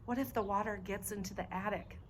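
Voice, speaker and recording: A woman voicing a frightened young boy, pleading in a high, slow whine in a storybook reading. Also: steady tone, a little hiss or hum, lightly acted. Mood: worried. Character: scared young boy who can't swim.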